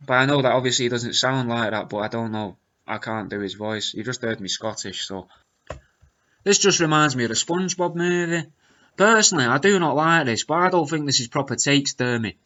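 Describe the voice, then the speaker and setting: A man reading out comments with wry, deadpan asides in a casual commentary. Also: medium pitch, a little fast, dull audio. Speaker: video creator reading comments.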